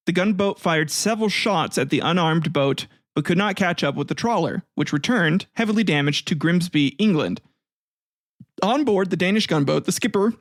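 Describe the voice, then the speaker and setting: High-voiced, profane podcast host. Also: male voice, no echo, studio quality. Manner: profane, rambling, laughs often, acts out voices. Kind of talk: casual comedic history podcast.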